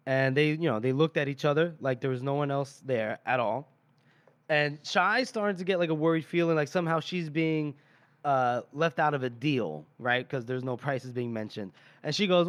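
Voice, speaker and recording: A man's voice: medium pitch, moderate pace, a bit bright, clear, resonant tone, no room sound. A man co-hosting a podcast, casually retelling a book chapter and briefly quoting the characters, with the odd swear word. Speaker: podcast co-host. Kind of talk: casual book-club recap.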